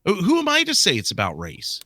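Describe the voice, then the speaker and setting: A man's voice: high voice, wildly swooping pitch, quick pace, pushed and bright, dry recording, studio quality. A man co-hosting a talk show, blunt and exasperated, swearing freely. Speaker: co-host. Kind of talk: casual talk show banter.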